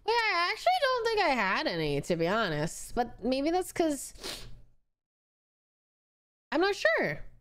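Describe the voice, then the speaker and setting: A young woman streamer talks casually to her viewers, rambling from one story to the next as she answers messages. Her voice sits a little high and swings widely up and down. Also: wildly swooping pitch, measured pace, long pauses, fairly bright tone. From United States. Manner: chatty, rambling, reads viewer messages aloud.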